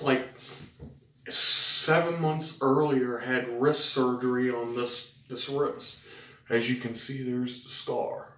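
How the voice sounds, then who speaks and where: Slow, flat-voiced Southern man, roomy and distant. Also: mid-range voice. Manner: blunt and profane, rambling with fillers. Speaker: vlogger telling his story. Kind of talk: personal storytelling to camera. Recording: roomy sound from a distant mic.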